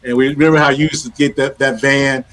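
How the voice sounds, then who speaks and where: Fast-talking earnest male co-host. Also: mid-range voice, steady tone, a bit bright, rough recording. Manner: earnest, repeats words when starting a thought. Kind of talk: casual talk show chat.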